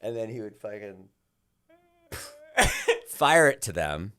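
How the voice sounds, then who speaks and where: A man's voice: on the low side, takes it slowly, clean tone, no room sound. A man in his forties, a podcast guest telling stories in casual chat and acting out what others said. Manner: animated storyteller, acts out quotes loudly.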